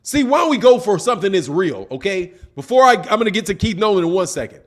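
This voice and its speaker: Boxing talk-show host, male, pitched high for a man, exasperated casual livestream ranter. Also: big pitch swings, quick pace, fairly bright tone. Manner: exasperated, ranting, peppers sentences with "man". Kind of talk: casual livestream commentary answering chat.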